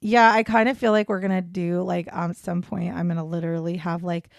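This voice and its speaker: A woman's voice: lowish voice, level tone, fairly quick, creaky, no room sound, studio quality. A woman co-hosting a casual true-crime podcast, rambling and self-deprecating, breaking into giggles as she talks. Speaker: podcast co-host.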